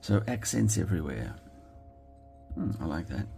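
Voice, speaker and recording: An Australian man talking casually as he makes a card, thinking aloud and quietly murmuring approval at his work. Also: sits low, sing-song, moderate pace, creaky, faint music behind. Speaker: card-making crafter. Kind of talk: casual commentary while crafting.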